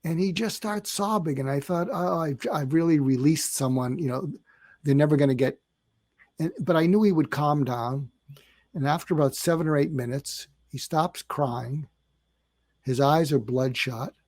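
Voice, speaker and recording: An older psychiatrist, a podcast guest, tells meandering, filler-heavy stories and acts out quoted dialogue. His voice is fairly high with a darkish tone at a moderate pace, with no room sound.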